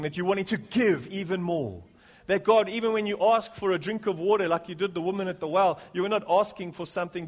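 High-voiced pastor preaching. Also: male voice. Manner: jokey, rising to fervent preaching. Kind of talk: sermon with prayer. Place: church.

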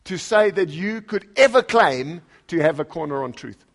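A pastor preaching a conversational sermon. He reads scripture aloud with lively emphasis and puts questions to the congregation. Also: a little high, moderate pace, creaky.

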